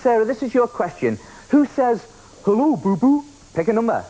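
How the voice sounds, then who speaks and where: A man hosting a children's game show, playful and energetic, often shouting to the contestants. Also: very high voice, fairly quick, poor audio. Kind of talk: lively TV game show presenting.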